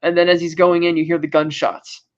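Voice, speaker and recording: A man with a notably high speaking voice recaps a film for a casual podcast. He tells it with animated energy, stumbling and restarting as he goes. The recording sounds dull and lo-fi. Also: a little fast. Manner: animated retelling with frequent restarts and fillers. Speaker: podcast co-host.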